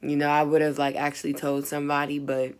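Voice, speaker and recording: A woman's voice: deep voice, monotone, brisk, clear, resonant tone. A young woman, a student, casually telling a personal story, chatty and full of fillers, acting out what people said. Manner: chatty, full of "like" and fillers, acts out quoted lines.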